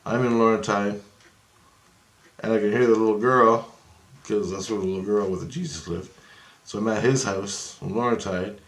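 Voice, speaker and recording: A man with a somewhat low voice tells a long, rambling story, swearing often and getting worked up as he goes. He slips into the voices of the people in it, and his voice rings around an echoey room. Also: steady tone, normal speed, pauses often. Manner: profane, agitated, acts out voices in his story. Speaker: vlogger recounting astral travel. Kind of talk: rambling first-person storytelling.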